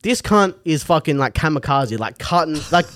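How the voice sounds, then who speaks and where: A man's voice: a little high, animated, moderate pace, fairly bright tone, no echo, studio quality. Swearing Australian guy telling a story. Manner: crude, swearing, laughing storyteller. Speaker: podcast co-host. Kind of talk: casual chat, storytelling.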